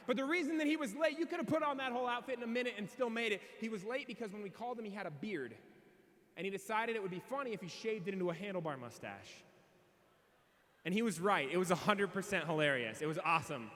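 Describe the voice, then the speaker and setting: A young man telling a funny, self-mocking story in a farewell speech as a student officer, in an animated, quick comic way. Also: high voice. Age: young adult. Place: large convention hall. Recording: reverberant hall sound.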